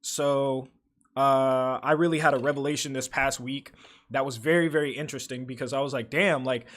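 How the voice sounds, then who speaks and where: A man's voice: mid-range voice, steady tone, normal speed, a bit bright. A young man hosting a livestream, reading viewer comments aloud and chatting in loose, profane slang full of fillers. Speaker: livestream host.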